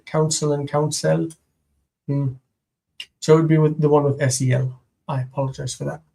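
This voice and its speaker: Working through homework live, the teacher translates Biblical Hebrew one phrase at a time, slow and deliberate, with self-corrections. A medium-pitched, creaky, somewhat mellow voice comes through a rough recording.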